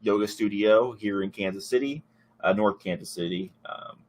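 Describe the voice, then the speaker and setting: A man hosting a podcast in casual chat, rambling and relaxed with many fillers and restarts. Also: on the low side, moderate pace, a little hiss or hum. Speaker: podcast host.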